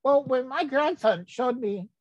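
A woman playing a husky rambling old granddad. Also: high voice, lively intonation, a little slow, a little mellow, dry recording, dull audio. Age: older. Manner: rambling, folksy, easily sidetracked. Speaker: comedy character host. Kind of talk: comic monologue.

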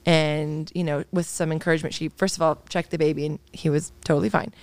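In a candid podcast interview, a psychologist in her thirties speaks earnestly, openly, and reflectively, with soft laughs. Her deep voice holds a steady tone at a fast pace, captured on a dry recording.

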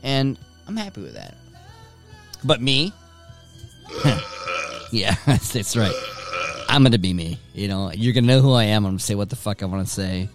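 A man's voice: fairly low pitch, animated, normal speed, pauses often, over music. A man hosting his own podcast from home, rambling casually with lots of swearing and self-directed jokes. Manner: profane, rambling, joking with himself. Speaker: podcast host.

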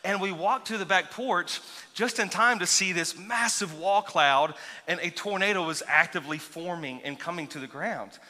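Bright-voiced pastor in a reverberant hall. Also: male voice, sits high, normal speed. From grew up near Seminole. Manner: animated, chatty, self-teasing with many restarts. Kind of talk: sermon storytelling. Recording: long reverb of a large hall.

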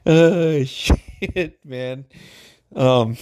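A man's voice: medium pitch, lively intonation, slow, long pauses. A man from Alaska telling funny stories in a casual way, swearing constantly and laughing often. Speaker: storyteller. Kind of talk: casual storytelling.

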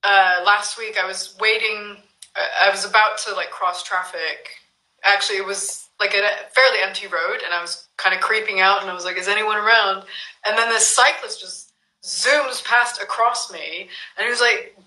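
A woman's voice: mid-range voice, fairly even intonation, normal speed, pushed and bright, echoey room, low-quality recording. A woman guest in a casual chat, thoughtful and reflective.

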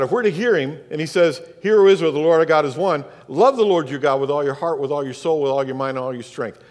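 A pastor with a Southern US accent preaching a sermon, asking rhetorical questions and repeating phrases for emphasis. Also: male voice, fairly high pitch. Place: church sanctuary. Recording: long reverb of a church hall.

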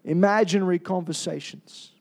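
A man preaching a sermon, emphatic and personal, asking rhetorical questions and slowing down to stress key words. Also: sits high, vocal fry, darkish tone. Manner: confessional storytelling.

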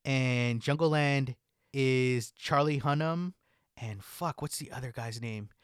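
A man's voice: mid-range voice, takes it slowly, clear, resonant tone, dry recording. A young man chatting casually as a podcast co-host, laid-back, swearing a lot and saying "like" constantly. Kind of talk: casual chat. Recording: dry close mic.

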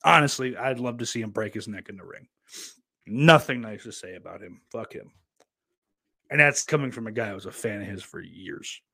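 A man's voice: fairly low pitch, lively intonation, moderate pace, creaky, pushed and bright, husky, no echo. A young man streaming live, reading chat messages aloud and rambling bluntly about wrestling with lots of swearing, close to a desk mic. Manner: blunt, profane, rambling with restarts and laughs.

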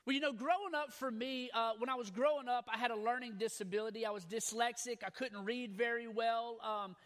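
Pastor guy in his 30s, higher voice for a man, folksy and fired up, repeats himself a lot. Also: a little fast. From Louisiana. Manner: folksy, repetitive, energetic. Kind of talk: sermon.

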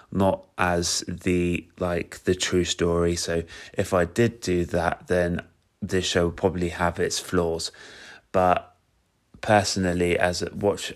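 A young British man giving a casual, enthusiastic spoken review of a musical, full of fillers and restarts. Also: deep voice. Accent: British English. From Britain.

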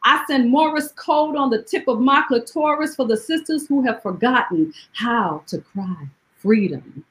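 Woman reading poetry, fairly high voice. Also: rough recording. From Jamaica. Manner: rhetorical questions, animated storytelling; slow, deliberate poetry recitation. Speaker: poet guest. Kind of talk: conversational interview and poetry reading.

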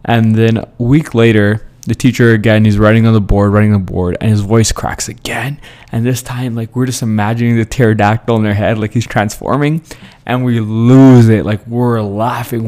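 A man's voice: lowish voice, vocal fry, darkish tone. A young man hosting his own show, casually telling funny school stories and laughing often as he goes. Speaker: podcast host. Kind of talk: casual storytelling.

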